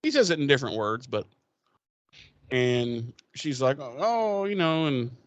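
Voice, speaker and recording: A man on a podcast, casually retelling an episode with plenty of swearing and offhand paraphrase. His voice sits at an ordinary middle pitch and sounds close and dry, with no room around it. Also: expressive, a little slow, no room sound, muffled recording. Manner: loose and profane, paraphrasing characters' lines. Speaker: podcast co-host.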